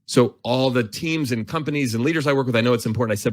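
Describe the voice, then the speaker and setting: A man in his forties tells a story at a quick clip, lively and self-mocking as he plays out the nervous voice in his head. His pitch sits in the ordinary middle for a man. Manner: animated, self-mocking, acts out his inner voice. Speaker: author and guest. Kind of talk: storytelling in a conversation.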